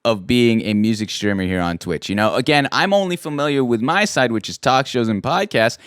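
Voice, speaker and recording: A man's voice: mid-range voice, expressive, brisk, fairly bright tone, clear, resonant tone, no echo, studio quality. A man hosting a podcast interview, enthusiastic and given to repeating his phrases. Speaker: podcast host. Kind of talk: interview chat.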